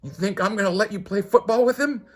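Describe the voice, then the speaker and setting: A man voicing a tough young man in a comic who defends his partner with a gruff, challenging manner. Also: high voice, fast, pitched above the performer's own voice. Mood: defiant. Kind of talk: comic book read-aloud.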